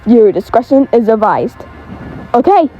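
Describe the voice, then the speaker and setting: A woman telling a homemade creepy story in a halting, stumbling way, restarting words. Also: on the high side, mellow, dull audio, faint music behind.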